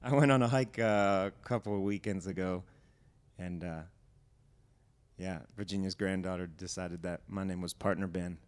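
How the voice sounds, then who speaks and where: Low-voiced man chatting on a livestream. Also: fairly even intonation, normal speed. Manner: rambling and friendly, greeting viewers by name. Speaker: musician hosting his own livestream. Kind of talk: casual livestream chat with viewers. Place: home.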